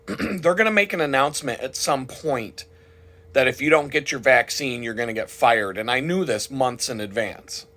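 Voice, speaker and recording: A man's voice: mid-range voice, fairly bright tone. A man delivering an indignant, heavily profane monologue to the camera. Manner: heated and indignant, frequent swearing. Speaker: vlogger.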